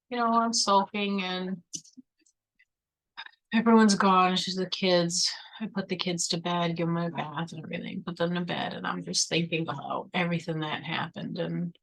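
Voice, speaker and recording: Gravelly low-voiced woman telling a story. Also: steady tone, unhurried, long pauses, a bit bright, rough recording. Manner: chatty, full of "like" and "you know"; acts out her own past replies in the story. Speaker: vlogger. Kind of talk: personal storytelling to camera.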